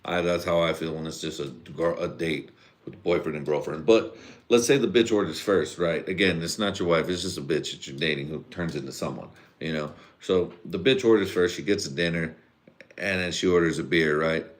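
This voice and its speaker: This host's voice is very low and deep as he rants on his live podcast, a tipsy adult husband and father. He wanders from point to point, swears a lot and keeps laughing, speaking briskly with fairly even intonation.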